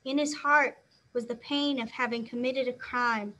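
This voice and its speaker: A woman teacher reading a children's novel aloud, expressive and acting out the sound words. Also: fairly high pitch, normal speed.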